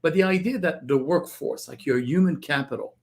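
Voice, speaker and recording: A man guest on an interview, explaining technology in a measured way and repeating words as he starts a thought. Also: on the high side, expressive, vocal fry. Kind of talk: interview answers.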